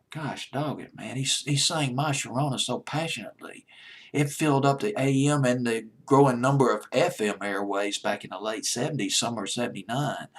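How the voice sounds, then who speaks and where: A chatty man with an Alabama drawl counts down old hits like a deejay. His voice is a little husky and sits at an ordinary pitch. He's loose and enthusiastic, and he laughs and restarts his sentences. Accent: Southern US (Alabama). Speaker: radio-style countdown deejay. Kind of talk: casual countdown commentary.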